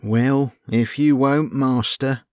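A man's voice: mid-range voice, steady tone, slow, warm tone, dry recording, studio quality, pitched above the performer's own voice, lightly acted. A man putting on a resigned, philosophical thug. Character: big easygoing male hired thug, philosophical. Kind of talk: audiobook character voice.

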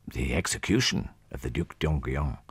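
A man voicing an eager, awkward young man who speaks hesitantly and softly in an audiobook reading. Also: a bass voice, moderate pace, breathy edge, no echo, voice pushed down, exaggerated voice. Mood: earnest. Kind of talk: audiobook character voice.

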